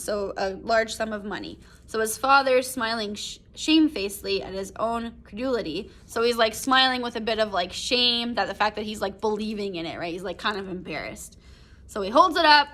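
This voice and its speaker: A woman's voice: medium pitch, moderate pace, a bit bright. A young woman teacher walking a class through a short story in a chatty, casual way, full of "like" and "right?". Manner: chatty, explains with lots of "like" and "right?". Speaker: English teacher. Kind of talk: casual recorded class lesson.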